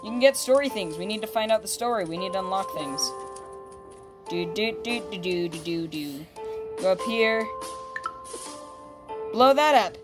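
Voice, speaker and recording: A woman's voice: mid-range voice, animated, moderate pace, long pauses, music in the background. A woman hosting a casual let's-play, talking through the game in a chatty, upbeat way and reading on-screen text aloud, with a child beside her at home. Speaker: gaming channel host.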